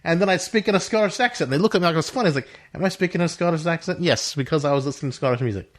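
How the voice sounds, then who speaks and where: A woman hosting a casual podcast, laughing often and dropping into a lower, serious announcer tone for the show's plugs. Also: rapid-fire, a little hiss or hum. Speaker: podcast host.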